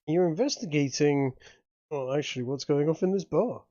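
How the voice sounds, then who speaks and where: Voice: mid-range voice, moderate pace, dark tone, no room sound. A game master narrating a tabletop game, stammering and repeating words as the game master thinks aloud. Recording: dry, slightly muffled recording.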